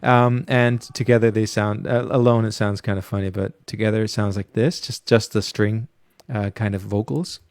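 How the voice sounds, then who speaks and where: A man, a music producer, casually talking through a studio mixing tutorial with many pauses and fillers. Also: on the low side, steady tone, a little mellow. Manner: casual, hesitant, lots of fillers.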